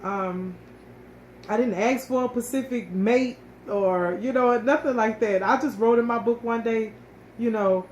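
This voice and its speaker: Woman sharing her story, emotional and animated, restarts a lot, roomy echo with a faint hiss. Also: a little high, measured pace. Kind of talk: casual personal storytelling. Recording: echoey room with faint ambient noise.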